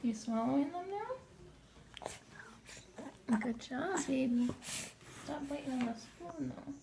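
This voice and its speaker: A woman's voice: sits high, expressive, slow pace, gravelly, noisy background. A young woman at home feeding her baby, chatting to him in a playful, sing-song way on a home video. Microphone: camera filming nearby.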